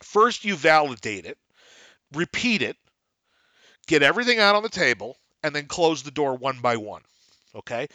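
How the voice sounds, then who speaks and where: Blunt, bright-voiced male podcast teacher. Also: a little high, normal speed, long pauses, no room sound. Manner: lively, acts out dialogues in different voices; blunt and emphatic. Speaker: podcast host teaching real estate investing. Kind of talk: instructional podcast talk.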